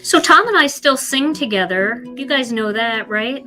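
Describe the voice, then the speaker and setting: A woman's voice: on the high side, expressive, moderate pace, over loud music. A woman with a Philadelphia accent hosting a live card-making demonstration, chatty and self-deprecating as she colors. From Philadelphia, USA.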